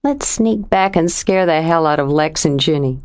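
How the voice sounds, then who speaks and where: A woman's voice: deep voice, lively intonation, moderate pace, darkish tone, clear, resonant tone. A woman voicing a wry, reassuring young woman friend in an audiobook reading. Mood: joking. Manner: reassuring, lightly joking.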